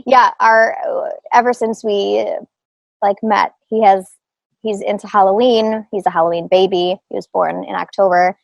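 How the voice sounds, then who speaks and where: A woman's voice: mid-range voice, gravelly, dry recording, poor audio. A middle-aged woman talking casually as an interview guest, laughing often and full of fillers and restarts. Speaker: guest, group practice owner.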